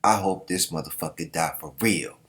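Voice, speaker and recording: A man's voice: low voice, moderate pace, a bit bright. A man casually reacting to a comic chapter, joking and swearing as he reads panels aloud. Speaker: manga reaction host.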